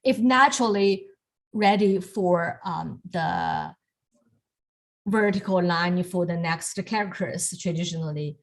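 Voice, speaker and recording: Slow, halting woman teaching calligraphy. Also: on the low side, big pitch swings. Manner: halting, many fillers and restarts, soft laughs. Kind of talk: online lesson demonstrating strokes. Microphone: video call.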